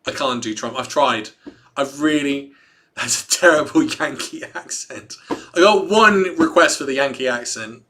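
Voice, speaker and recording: Bright-voiced joking livestream host, a man. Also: medium pitch, unhurried, a little hiss or hum. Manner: chatty and joking with viewers, laughs often. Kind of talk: casual livestream, reading a statement aloud and commenting.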